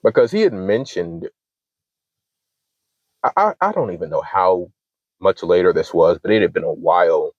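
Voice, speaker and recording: Deep-voiced young man ranting, profane. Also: no echo, dull audio. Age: 20s. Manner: heated, profane, acts out both sides of arguments. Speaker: channel host. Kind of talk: casual storytelling rant.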